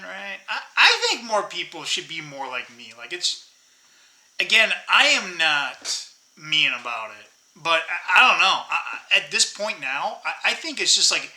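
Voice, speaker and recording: Man, American accent, rambling vlog monologue, lively pitch, echoey room. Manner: rambling, laughs often, peppers talk with "right?" and "dude". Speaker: vlogger.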